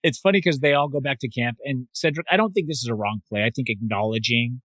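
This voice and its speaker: A middle-aged man co-hosting a podcast, talking in a quick, chatty way with lots of fillers. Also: medium pitch, a bit bright, no room sound, poor audio. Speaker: podcast co-host. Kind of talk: casual chat.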